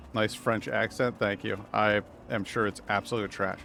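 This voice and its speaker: A man livestreams a video game, chatting playfully and reading dialogue aloud, putting on silly voices for the characters. His voice is fairly low, creaky and a bit bright, at a normal speed with few pauses, and faint music plays behind him.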